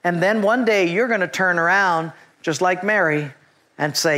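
A middle-aged man preaching a sermon, telling a personal story and acting out his own past thoughts with animated delivery. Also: sits high, normal speed. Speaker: pastor.

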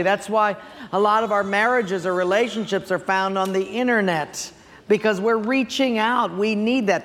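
A man's voice: high-pitched, a bit bright, in a large hall. A male pastor preaching a sermon, telling stories and asking the audience questions. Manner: storytelling, asks the audience questions.

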